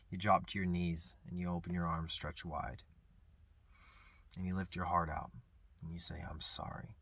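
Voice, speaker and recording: A man speaking earnestly and reflectively about grief and forgiveness, soft-spoken with pauses. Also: low voice, no echo. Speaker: vlogger sharing personal grief. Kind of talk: reflective personal talk.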